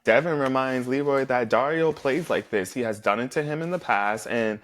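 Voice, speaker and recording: Guy doing a casual swear-heavy show recap, blunt and chatty, regular mid pitch. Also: normal speed, fairly bright tone. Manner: profane, blunt, acts out contestants' lines. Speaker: podcast host recapping a reality show.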